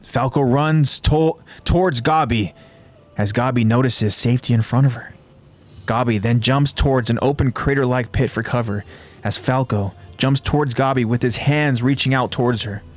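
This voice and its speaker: A man who hosts a podcast, retelling an anime episode scene by scene in a steady, descriptive way. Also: medium pitch, moderate pace. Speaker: podcast host.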